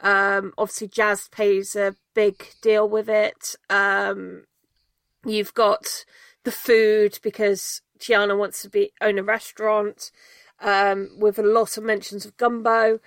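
A woman's voice: medium pitch, little pitch movement, slow, fairly bright tone, clear, resonant tone, no echo. A woman co-hosting a podcast, casually summing up a film's story with plenty of ums. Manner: chatty, plenty of ums, laughs easily. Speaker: podcast co-host. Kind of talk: casual film discussion.

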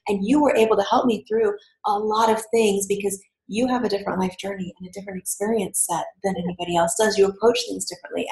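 A woman's voice: medium pitch, darkish tone. Reflective woman host in an echoey room. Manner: supportive listener, reflective. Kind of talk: candid podcast conversation.

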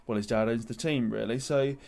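Presenting the news and then passing it on, this podcast co-host talks motorsport in a casual, chatty, opinionated way. He has a steady, mid-range voice with vocal fry, a little mellow, and keeps a brisk pace.

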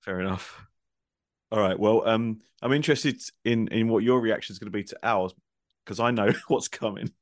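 A man co-hosting a comedy podcast, excitable and stumbling over his words as he jokes. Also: fairly low pitch, normal speed, no room sound, clean studio sound. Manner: excitable, stammers when worked up. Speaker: podcast co-host. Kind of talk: casual banter.

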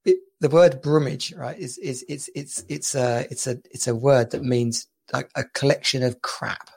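Gravelly man hosting a casual podcast. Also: mid-range voice, steady tone, normal speed, a little mellow. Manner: chatty, laughing storyteller with many restarts. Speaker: podcast host. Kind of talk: casual chat. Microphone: home podcast mic.

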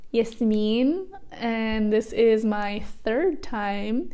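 A woman's voice: a little high, expressive, extremely slow, warm tone, clean tone. A young woman co-hosting a casual chat podcast, playful and hamming it up in mock accents, seated outdoors in the cold. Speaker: co-host. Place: chilly outdoor seating on a street.

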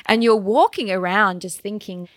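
A woman's voice: mid-range voice, normal speed, dry recording, studio quality. A young Australian woman, a travel blogger, chatting animatedly as an interview guest, with a lot of "like" and "um". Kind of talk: casual interview chat.

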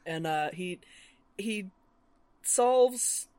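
A woman's voice: medium pitch, expressive, extremely slow, darkish tone, dry recording. A young woman co-hosting a podcast, chatting casually about a book and rambling with lots of ums and likes. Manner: rambling, many fillers. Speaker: podcast co-host. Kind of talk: casual book-club chat.

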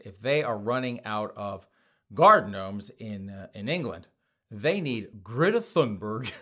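A man's voice: mid-range voice, a bit bright. Snickering sarcastic male comedy host. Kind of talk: mocking comedy monologue.

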